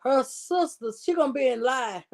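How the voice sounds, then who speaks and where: A woman hosting a casual gossip livestream, animated and laughing often, with drawling asides to her viewers. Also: high voice, moderate pace. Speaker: livestream host.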